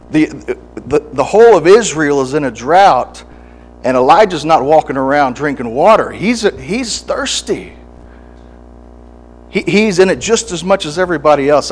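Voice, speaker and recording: A man preaching a sermon, often restarting his words, moving from quiet reflection to fervent, pleading prayer. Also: a little high. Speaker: pastor. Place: church service.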